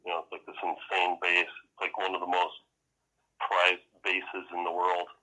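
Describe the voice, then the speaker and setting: A very deep-voiced man with a bright, husky edge tells stories in a loose, rambling way, cursing constantly and breaking into laughs. It is relaxed casual podcast chat. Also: normal speed, poor audio. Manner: rambling, profane, laughs often, acts out quotes. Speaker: podcast co-host.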